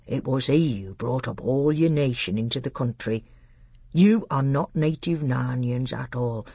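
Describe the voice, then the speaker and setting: A storybook reader voicing a small, kind, wise old male tutor who speaks gravely and corrects his pupil gently. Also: mid-range voice, unhurried, dry recording, clean studio sound. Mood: instructive.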